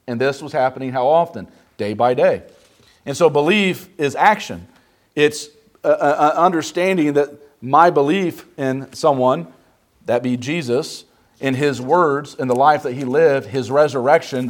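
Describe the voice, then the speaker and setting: A man leads a Bible class in a church classroom, his voice sitting a touch high. He preaches emphatically and keeps stopping to put questions to the class. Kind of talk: interactive Bible study sermon.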